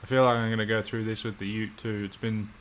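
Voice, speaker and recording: An Australian man chatting casually on a livestream, laid-back and quick to swear. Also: on the low side, level tone, slight background noise. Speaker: livestream co-host.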